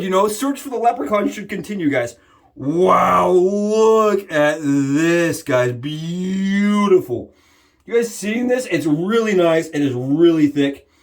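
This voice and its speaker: Chatty young man vlogging his shave. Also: high voice. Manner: chatty, keeps calling viewers "guys". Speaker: shaving vlogger. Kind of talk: casual talk to camera while shaving.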